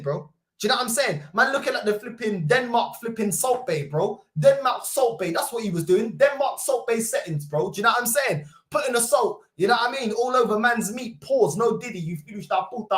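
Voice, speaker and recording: A young man, hosting a football fan livestream with loud, mocking banter and rapid-fire rhetorical questions. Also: sits high. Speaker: host. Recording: roomy echo.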